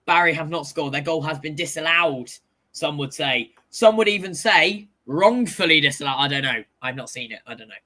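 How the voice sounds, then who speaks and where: A male host giving a casual live chat about football scores, excitable and jokey, shouting when goals go in. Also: a little high, moderate pace.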